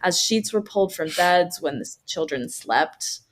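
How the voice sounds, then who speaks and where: A woman's voice: lowish voice, animated, moderate pace. A woman co-hosting a podcast, reading out a local legend and breaking in with casual asides and fillers. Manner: reads notes, then adds casual asides with fillers. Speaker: podcast co-host.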